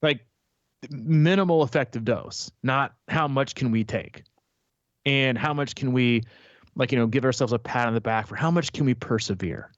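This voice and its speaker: A man's voice: mid-range voice, normal speed, no echo, dull audio. A man coaching triathletes as a podcast host, talking casually and rambling with many fillers and restarts.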